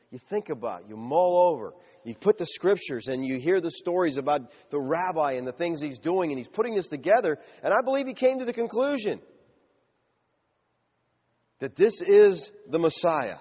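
A fairly high-voiced man preaching with real animation, his pitch rising and falling as he builds the story. The sound is a little muffled and rings with a long reverb, as if heard in a large church hall. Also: slightly rough. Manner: animated preaching, acting out crowd voices and shouts. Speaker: pastor. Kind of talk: sermon.

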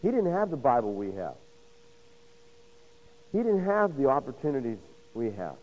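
A man preaching a sermon, swinging from loud emphasis to hushed, intimate lines and acting out quoted voices with rhetorical questions. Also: medium pitch, big pitch swings, normal speed, highs cut off. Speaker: pastor.

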